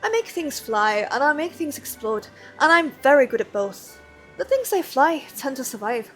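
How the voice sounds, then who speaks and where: A woman voicing a proud, cheerful young female spellcaster from her tabletop game, introducing herself slowly and showily. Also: high-pitched, big pitch swings, soft background music, voice pushed up, poor audio. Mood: boastful. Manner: slow, showy self-introduction.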